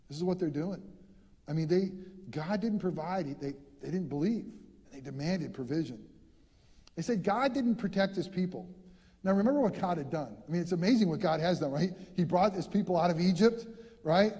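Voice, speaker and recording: A male pastor preaching an animated sermon in a church, repeating words as he gets fired up. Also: high-pitched, normal speed, husky, in a large hall.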